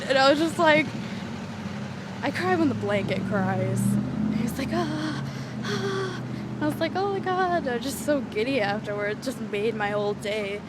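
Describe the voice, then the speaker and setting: A young woman telling a rambling, excitable story in a casual vlog, swearing freely, recorded outdoors near a street. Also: a little high, normal speed. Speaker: vlogger. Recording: traffic noise from outdoors.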